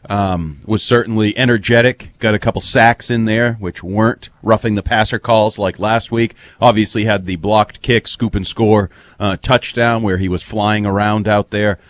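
A man's voice: on the low side, normal speed, hardly any pauses, a bit bright, no echo. Opinionated male football analyst, dry studio sound. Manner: long-winded, opinionated analysis. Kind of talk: postgame radio talk.

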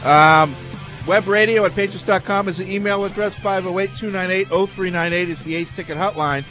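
Male radio host, slightly high voice, joking, easygoing, light music behind. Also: level tone, quick pace, a bit bright. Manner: loose, joking. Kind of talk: sports radio talk.

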